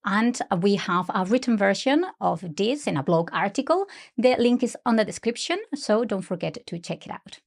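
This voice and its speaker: A woman's voice: mid-range voice, lively intonation, normal speed, vocal fry, few pauses. A woman co-presenting a pronunciation lesson, friendly and agreeable as she works through examples.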